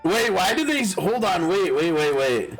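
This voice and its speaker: A man's voice: high voice, sing-song, moderate pace, soft background music, low-quality recording. A man casually commenting during a live game stream, thinking aloud, often chuckling and restarting his sentences.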